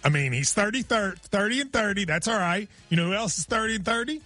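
A sports radio co-host with a lively, bright voice. He jokes and laughs his way through casual chat. Faint music sits under the talk. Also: sits high, fast. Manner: joking, animated, laughs often.

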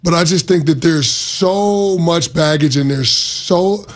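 A man co-hosting a sports radio show who lays out his arguments in a measured, reasoned way. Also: fairly high pitch.

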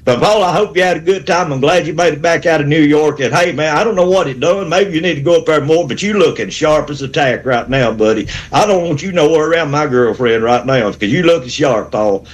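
A man in his sixties calls in to a sports radio show over the phone. His voice sits a bit high, and he rambles with growing fire, preaching to his team. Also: brisk, few pauses. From Alabama. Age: 60s. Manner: fired-up rambling pep talk. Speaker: caller.

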